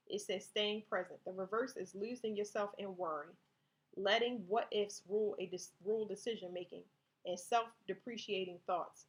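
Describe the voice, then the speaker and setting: A woman's voice: medium pitch, steady tone, normal speed. Chatty woman giving a tarot reading. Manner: conversational, restarts often, speaks directly to viewers; reads card text aloud. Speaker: tarot reader.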